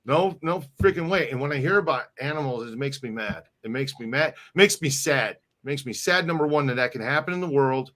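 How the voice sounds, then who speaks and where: A middle-aged man co-hosting a casual live stream speaks briskly and expressively at medium pitch, with few pauses and a slightly bright tone. He rambles, often restarting and repeating words.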